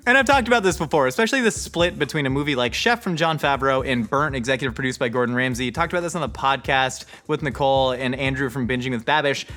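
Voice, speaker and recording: A man hosting a comedic rant about a movie, animated and sarcastic, often jumping into high-pitched voices. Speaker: host.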